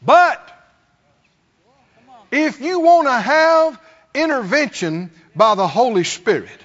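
High-voiced preacher in a reverberant hall. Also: male voice, lively intonation, slow, a bit bright. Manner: preacherly, calls out to the congregation, acts out complaining voices. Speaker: pastor. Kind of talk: sermon. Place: church sanctuary. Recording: dull sound, long hall reverb.

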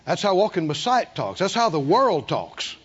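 Lively high-voiced man preaching. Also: moderate pace, breathy edge. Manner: animated, acts out the people he quotes, asks the congregation questions. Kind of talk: sermon. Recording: dull lo-fi sermon recording.

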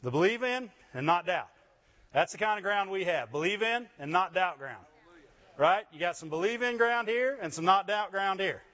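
A man's voice: sits high, animated, normal speed, pushed and bright, dull audio. A man preaching a sermon, building rhythm by repeating phrases and checking in with the congregation. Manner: repetitive, rhythmic preaching with call-outs to the congregation.

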